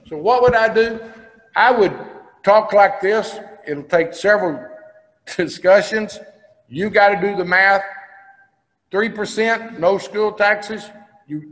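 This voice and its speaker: A man's voice: sits high, fairly bright tone. Folksy older man speaking in a hall. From Texas. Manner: folksy storytelling, plain-spoken. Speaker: state senator. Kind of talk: speech to a business breakfast. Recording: long hall reverb.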